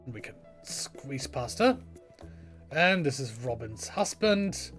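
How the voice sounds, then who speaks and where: A man's voice: medium pitch, very animated, slow, a bit bright, faint music behind. Chatty man narrating a let's play. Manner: chatty and self-deprecating. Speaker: gaming channel host. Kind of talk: casual let's play commentary.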